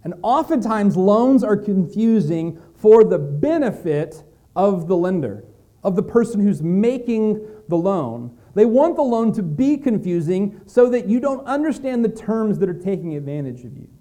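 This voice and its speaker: A male pastor preaching in a conversational, storytelling way, slowing down to stress key words. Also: high-pitched, big pitch swings, dark tone. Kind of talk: sermon.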